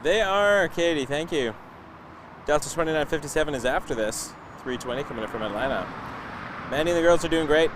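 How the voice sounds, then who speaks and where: Guy in his 30s doing a live plane spotting stream outside, chatty, family stories, loud street noise behind. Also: a little high, expressive, fairly quick. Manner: chatty, tells family anecdotes. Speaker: livestream host. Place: outdoors near a busy airport. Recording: noisy outdoor livestream audio. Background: traffic and outdoor ambience.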